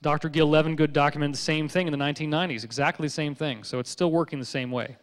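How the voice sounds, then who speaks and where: A man giving a public lecture, telling stories in a joking, animated way. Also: on the high side, fast, big-room sound.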